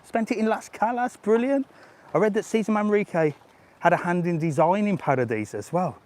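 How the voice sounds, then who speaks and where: A man's voice: high voice, a little fast, a little mellow. A middle-aged man, vlogging live while walking outdoors through resort grounds, talking in a jokey, chatty way and chuckling often. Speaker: travel vlogger. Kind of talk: live-streamed walking vlog. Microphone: handheld gimbal camera.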